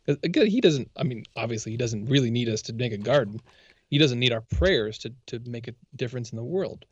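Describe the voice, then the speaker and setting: A man's voice: medium pitch, expressive, fast talker, no echo. Earnest man on a dull lo-fi mic. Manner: earnest, eager, stumbles and restarts, affirms often. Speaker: co-host of a faith discussion. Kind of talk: casual religious discussion.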